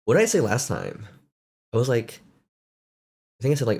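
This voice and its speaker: A man's voice: mid-range voice, big pitch swings, normal speed, vocal fry, darkish tone, husky. A man streaming a casual chat, self-mocking and laughing often between sentences.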